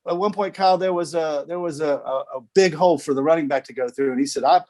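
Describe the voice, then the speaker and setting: A man of about sixty with a slightly high voice, a TV sports director speaking as a guest on a video call. He tells stories in a chatty, easy way, laughs often and repeats a few words before each phrase gets going. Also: fast, a little mellow. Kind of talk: casual storytelling in an interview.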